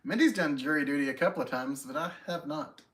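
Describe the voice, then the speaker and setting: A man with a slightly higher voice hosts a relaxed live stream from home. He reads out viewer comments and greets each person by name. His chat is friendly and easygoing, and he pokes fun at himself. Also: quick pace.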